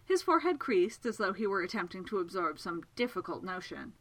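Expressive woman narrating a story. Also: medium pitch, a little fast, poor audio. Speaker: audiobook narrator. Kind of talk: scripted narration.

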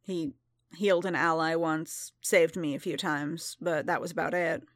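A woman voicing a reserved male bounty hunter in a storybook reading, speaking softly and steadily. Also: deep voice, steady tone, normal speed, dry recording, studio quality, close to an everyday voice. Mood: quiet.

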